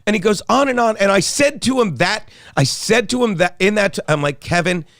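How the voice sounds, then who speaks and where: A man with a high voice co-hosts a podcast and tells a long, rambling story full of profanity. He has a casual, meandering way of talking. The sound is dry and close, with no room echo. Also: expressive, fairly quick, fairly bright tone. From South Jersey, United States. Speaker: podcast co-host and comedian. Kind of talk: casual chat.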